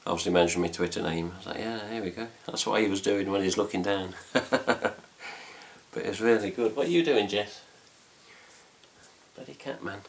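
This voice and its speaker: A man with an English accent and a very low, gravelly voice chats casually at home. He rambles through the story with lots of fillers and mild swearing, in a relaxed vlog style. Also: normal speed, pauses often. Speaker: fan site vlogger. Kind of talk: casual chat.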